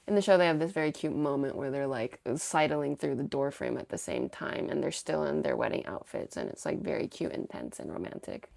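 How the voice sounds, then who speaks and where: A chatty young woman recaps a show against its book in a casual, filler-heavy way, and she swears freely. Her low voice swings widely in pitch and has a gravelly texture. The sound is close and dry. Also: animated, a little fast, few pauses, a little mellow, dry recording. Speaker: recap video host.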